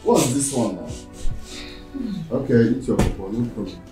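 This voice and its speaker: A man with a Nigerian accent playing a defensive, quick-tempered young man in a Nollywood film, stammering when angry. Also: mid-range voice, music in the background, lightly acted.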